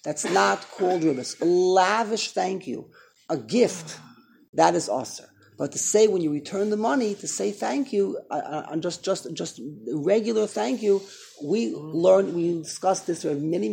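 Gravelly man teaching a religious class. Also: high voice, normal speed, a little hiss or hum. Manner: animated, repeats and restarts phrases. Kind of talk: Torah class lecture.

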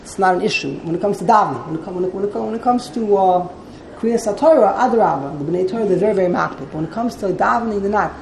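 Woman teacher, gravelly and mellow-toned, leads a text class with patient line-by-line explanations; faint room ambience behind. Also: medium pitch, fast talker, a little hiss or hum, low-quality recording. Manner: explanatory, translates line by line, digresses.

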